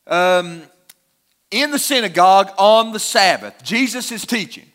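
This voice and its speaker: High-voiced man preaching a sermon. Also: expressive, measured pace, fairly bright tone. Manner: emphatic expository preaching with rhetorical questions.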